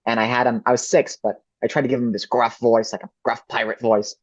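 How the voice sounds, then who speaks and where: A man's voice: mid-range voice, little pitch movement, a little fast, no room sound. A man answering interview questions as a ventriloquist guest, reflective and thinking aloud. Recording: dull lo-fi dry recording.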